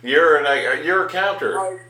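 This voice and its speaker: A man hosting a horror podcast in casual chat, excitable, profane and jokey. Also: a little high, takes it slowly. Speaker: podcast host. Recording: roomy echo with faint noise.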